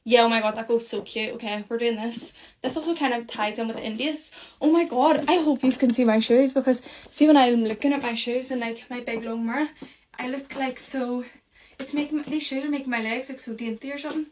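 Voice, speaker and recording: A woman rambles chattily through a get-ready vlog, audibly out of breath. Her voice sits fairly high. Faint noise sits under the recording. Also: a little fast, darkish tone.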